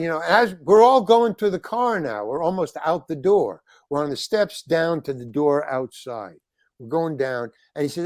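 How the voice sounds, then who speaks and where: An older man, a guest on an interview show, telling a long anecdote in an animated, rambling way and acting out the lines of the people in it. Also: a little high, normal speed, no room sound. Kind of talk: storytelling anecdote.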